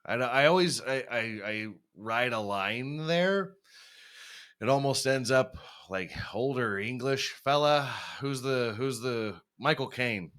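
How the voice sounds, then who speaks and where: A man's voice: medium pitch, takes it slowly, a bit bright, clean tone. A young man hosting a podcast, rambling and swearing freely, often laughing at himself. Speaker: podcast host. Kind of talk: casual chat.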